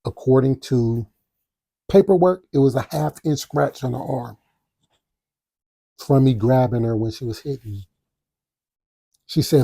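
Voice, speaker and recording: Male podcast host, dark and mellow, animated storyteller who does his own sound effects. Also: medium pitch, unhurried, gravelly, pauses often, slightly rough, dry recording, studio quality. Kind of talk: casual storytelling.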